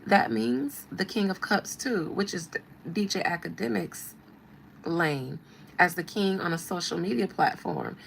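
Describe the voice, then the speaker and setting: A woman's voice: fairly low pitch, a little slow, gravelly, a little hiss or hum, low-quality recording. A woman hosting a show as a tarot reader, giving blunt, slangy, mocking commentary. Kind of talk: casual commentary.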